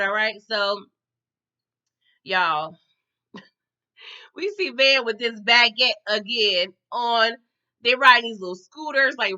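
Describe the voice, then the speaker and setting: A woman talks through a TV episode recap in a loose, slangy, chatty way, calling her viewers y'all and tagging her lines with okay. Her voice sits a little high and sounds bright and forceful. The recording is dull and lo-fi. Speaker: TV recap vlogger.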